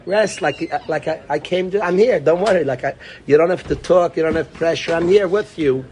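Sex: man. Role: teacher of a religious class. Style: informal Torah class. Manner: conversational, repetitive, calls students by name. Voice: somewhat high for a man, light background noise. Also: normal speed, darkish tone. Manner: conversational, repeats phrases, addresses students by name.

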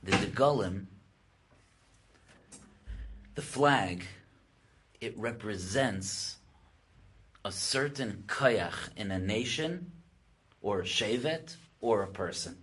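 A man's voice: lowish voice, lively intonation, slow pace, pauses often, a bit bright, slightly rough. A man, a rabbi, giving a Torah class. He explains Hebrew texts in English, his voice rises when he quotes them, and he thinks aloud with many restarts.

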